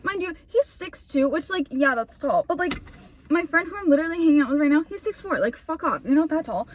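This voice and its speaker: High-voiced young woman ranting casually. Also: animated, a little fast, a little hiss or hum. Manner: rambling, heavy swearing, many fillers. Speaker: vlogger. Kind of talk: casual storytime rant while driving. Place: in a car.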